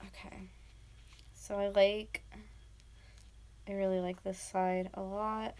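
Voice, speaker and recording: A woman's voice: medium pitch, little pitch movement, slow pace, darkish tone, smooth. A woman in her twenties chatting casually to viewers while she sculpts, rambling and dropping into whispers as she works. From North America. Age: 20s. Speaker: YouTuber.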